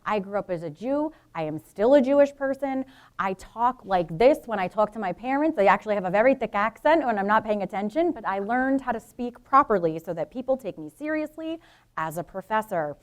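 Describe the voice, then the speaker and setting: A woman's voice: medium pitch, lively intonation, a little fast. A middle-aged woman from Brooklyn and New Jersey giving a public lecture as a professor, frank and informal, with asides to the audience.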